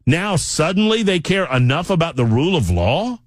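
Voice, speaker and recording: A man's voice: a little high, very animated, moderate pace, no room sound. A man hosting a talk radio show, delivering an emphatic, sarcastic political monologue straight to his listeners on a studio microphone.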